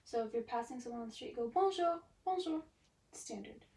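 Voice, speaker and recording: A woman teaching a beginner language lesson, explaining step by step in a chatty way and saying example phrases with lively rises. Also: a little high, fast talker, husky.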